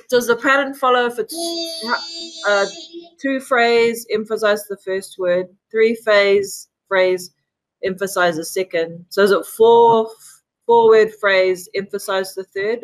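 A woman's voice: medium pitch, expressive, slow. A woman learning pronunciation in a casual one-on-one lesson, asking careful questions and repeating sounds after her teacher. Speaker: student.

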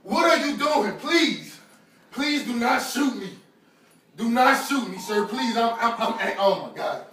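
A man's voice: extremely high pitch, expressive, a little slow, fairly bright tone, echoey room, distant mic, slight background noise. A frightened man being arrested, pleading with an officer and repeatedly calling him sir, heard inside a friend's home. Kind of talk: confrontation caught on video.

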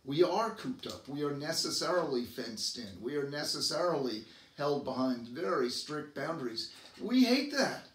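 A man's voice: very animated, normal speed, a bit bright, recorded from a distance. Earnest man doctor in a roomy echo. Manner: earnest, repeats and restarts words, bursts up in pitch for emphasis. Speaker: doctor giving advice. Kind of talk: advice talk to camera.

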